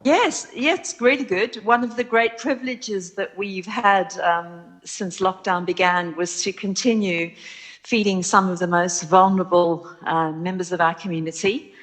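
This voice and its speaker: A woman with a South African accent, a pastor, talking in a measured, articulate way on a phone-in. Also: fairly low pitch, steady tone, a bit bright. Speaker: Salvation Army pastor. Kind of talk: phone-in chat.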